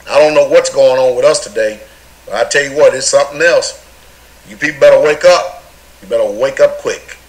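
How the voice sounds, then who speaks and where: Fiery American man, high bright voice, preacherly political rant. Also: rough recording. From United States. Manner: fiery, preacherly, slow emphatic delivery. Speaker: political commentator.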